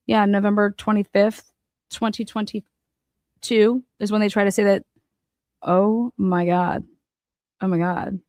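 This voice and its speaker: A woman giving casual true-crime commentary as she reads through documents, excitable and profane, swinging between low muttering and loud exclamations. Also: measured pace, long pauses, no echo, clean studio sound.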